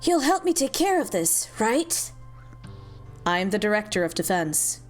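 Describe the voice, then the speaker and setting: A woman voicing a stern adult woman who is director of defense, speaking in a level, measured, businesslike way. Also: medium pitch, very animated, soft background music. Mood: serious.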